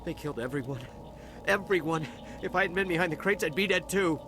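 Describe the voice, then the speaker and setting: A jittery male dock worker who stammers, voiced by a man a little high, with game music playing behind. He stays defensive and shaken. It is a video game cutscene. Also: animated, moderate pace, close to an everyday voice.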